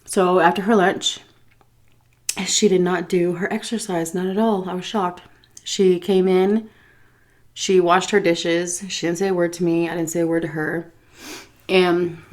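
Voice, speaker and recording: A woman from Texas telling a story time while she eats, chatty and animated, quoting dialogue with soft asides about her food. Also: on the low side. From Texas, USA. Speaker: food vlogger.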